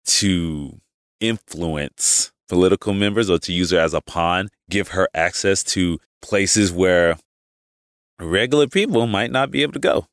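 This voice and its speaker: A man's voice: deep voice, no room sound, clean studio sound. A man hosting his podcast, talking casually through a rambling opinion monologue with many restarts and asides. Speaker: podcast host.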